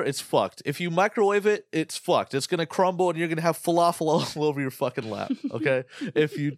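A man's voice: on the high side, no room sound, studio quality. Brash, foul-mouthed American man. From United States. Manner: brash, profane, animated storytelling. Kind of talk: casual chat.

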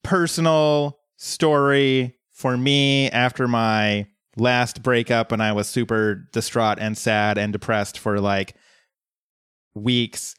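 An animated man rambles through a casual podcast recap of a TV episode, jumping in and out of quoted voices. His voice sits in the middle of the usual male range. The sound is close and dry, with no room around it. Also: mid-range voice, slow pace, clear, resonant tone, no room sound. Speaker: podcast co-host.

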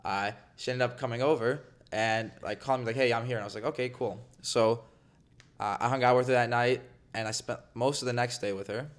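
A man's voice: mid-range voice, fairly even intonation, brisk. A young man, a podcast guest, telling a dating story in casual chat with lots of filler words. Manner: rambling storyteller, many fillers.

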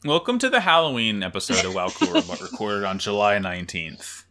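A man's voice: fairly low pitch, a little fast, slight background noise. A man co-hosting a podcast, joking and rambling in casual chat while tired. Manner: jokey, animated, rambling with fillers. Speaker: podcast co-host.

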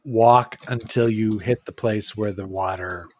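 A man narrating as game master in a tabletop game, unhurried and hesitant, with many fillers and restarts. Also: fairly low pitch, steady tone, noisy background.

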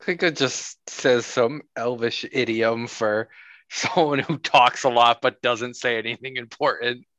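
A man playing a tabletop game, making slow offhand remarks. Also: mid-range voice, a bit bright, no room sound. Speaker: player. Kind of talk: casual tabletop play.

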